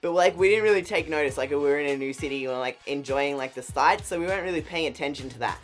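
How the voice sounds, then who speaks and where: A young Australian vlogger races through a casual storytime, filling every sentence with "like". The voice is mid-pitched, and faint music plays under it. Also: quick pace. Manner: rambling, heavy use of "like". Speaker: YouTuber.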